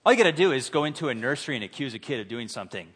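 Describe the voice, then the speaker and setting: A man preaching a sermon in a church, animated and humorous, acting out little scenes. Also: mid-range voice, racing, slightly rough, in a large hall. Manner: animated, humorous, acts out voices. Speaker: pastor. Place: church sanctuary.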